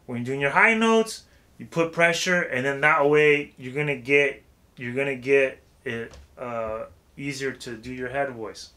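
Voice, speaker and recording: Laid-back man coaching a vocal warm-up. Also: medium pitch, a little slow. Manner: loose and chatty, heavy with "like" and "you know what I'm saying". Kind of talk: casual spoken tutorial.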